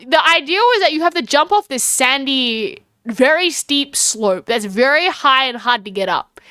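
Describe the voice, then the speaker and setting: Bright, high-voiced Australian woman streamer. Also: no room sound. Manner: chatty and giggly, talks to chat and calls herself by name; fast, rambling talk with many fillers. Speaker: livestreamer. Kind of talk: casual chat with viewers.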